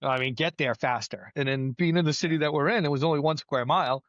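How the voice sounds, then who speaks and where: A middle-aged man, a battalion chief, telling firefighting stories in a casual podcast chat, plainspoken and lively. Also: fairly high pitch, quick pace, dry recording, highs cut off. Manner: storytelling, animated, plainspoken with mild swearing.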